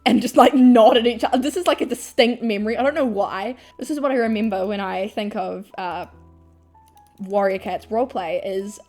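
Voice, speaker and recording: A young woman tells a storytime vlog, animated, laughing often and swearing freely. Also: medium pitch, moderate pace, faint music behind. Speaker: vlogger.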